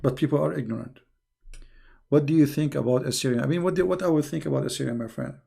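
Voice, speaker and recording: Gravelly, emphatic man scolding his viewers. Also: fairly high pitch, fast, dark tone. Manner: restarts often, repeating words. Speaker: online show host answering viewer questions. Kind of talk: live stream Q&A commentary.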